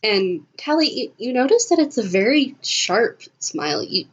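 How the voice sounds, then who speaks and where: A woman's voice: fairly high pitch, big pitch swings, normal speed, slightly rough. A woman running and narrating a tabletop role-play game in a casual, giggly way over voice chat. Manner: giggly, casual, lots of "kinda". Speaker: game master. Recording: slightly muffled lo-fi audio.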